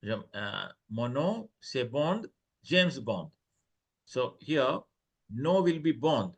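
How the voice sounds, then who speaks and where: A man's voice: medium pitch, very animated, slow pace, breathy edge. A man teaching French online, reading short dialogues aloud and translating each phrase into English.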